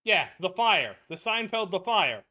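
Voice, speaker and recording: Bright-voiced chatty woman streamer. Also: mid-range voice, sing-song, a little slow. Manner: chatty storyteller, laughs often, trails off. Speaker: gaming streamer. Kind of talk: casual chat while playing a game.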